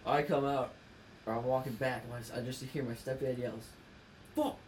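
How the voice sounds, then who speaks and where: A man's voice: medium pitch, steady tone, fairly quick, slight background noise. A young man guesting on a casual sports podcast, easygoing and chiming in with the hosts.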